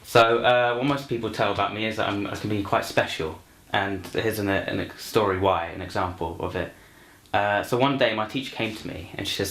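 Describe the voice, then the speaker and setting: Young man, rambling comic storyteller; low-pitched, echoey room, faint music. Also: brisk, fairly bright tone. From London. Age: young adult. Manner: rambling, many fillers and restarts. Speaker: university student, actor. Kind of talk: self-introduction and comic story for a showreel. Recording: roomy echo, faint music.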